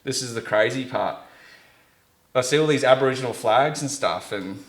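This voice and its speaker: A man's voice: mid-range voice, normal speed, reverberant. A man with an Australian accent, telling a story in a casual interview, full of "like" and acted-out quotes. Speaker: guest.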